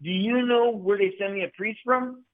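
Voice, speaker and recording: A man in his 40s from Southern California speaks with a high voice at normal speed over a tinny, phone-like call line. As a guest in a casual storytelling conversation, he tells his story intensely, repeats himself, and calls the host "bro."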